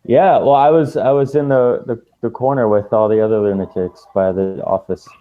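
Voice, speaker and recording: An excitable male co-host talks casually over an internet call and gets easily distracted. His voice is mid-pitched, and the call audio sounds a little dull. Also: normal speed. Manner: excitable, distracted fan talk. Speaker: podcast co-host. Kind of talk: casual podcast chat.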